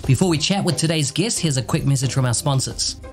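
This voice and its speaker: A man's voice: mid-range voice, brisk, music in the background. A man with a New Zealand accent hosting a podcast in friendly, casual chat and laughing easily. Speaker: podcast host.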